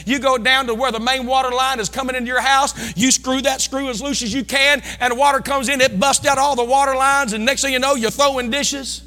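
A middle-aged Midwestern American man preaching in a church sanctuary, his voice very high for a man and sharply bright. He is folksy, shouting one moment and dropping to low asides the next. A long reverb trails every line. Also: fairly even intonation, a little fast, few pauses, soft background music. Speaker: pastor. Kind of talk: sermon.

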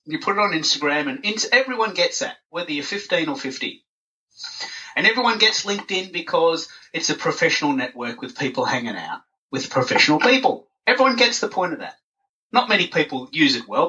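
Animated man telling stories. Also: a little high. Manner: animated storyteller who acts out voices. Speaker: podcast guest. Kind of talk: casual interview chat. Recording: dull, distant recording.

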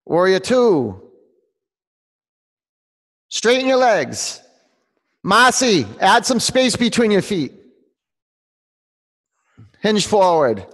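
A man leads a live yoga class in a large studio, counting down poses and teasing students as he goes. His voice sits a little high and has a gravelly edge. The room gives it a long reverb. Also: big pitch swings, drawn-out words, long pauses, fairly bright tone. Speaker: yoga instructor.

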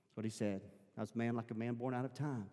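A man's voice: mid-range voice, fairly even intonation, quick pace, warm tone, long reverb tail. A man preaching a sermon as pastor, emphatic and repeating his phrases to urge the congregation on. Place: church sanctuary.

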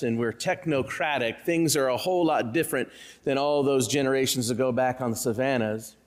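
A male pastor giving a sermon, telling stories with humor and talking directly to the congregation. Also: mid-range voice. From Central Illinois. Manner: storytelling with humor, conversational asides to the congregation. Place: church. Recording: long hall reverb in a church.

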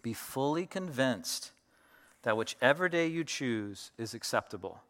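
Bright-voiced man preaching a casual sermon. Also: medium pitch, animated, a little slow. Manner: conversational storytelling with many fillers. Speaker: pastor.

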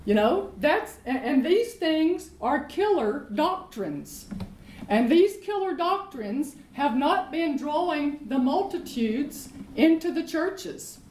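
A woman's voice: sits high, big pitch swings, takes it slowly, a little mellow, reverberant, rough recording. A woman teaching from the Bible in an emphatic way, repeating her points and asking rhetorical questions. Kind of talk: teaching sermon in conversation.

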